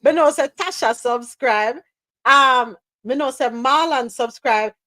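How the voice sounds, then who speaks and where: A woman hosting a live news chat stream, lively and teasing, calling listeners by name. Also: sits high, slow, dry recording. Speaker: host.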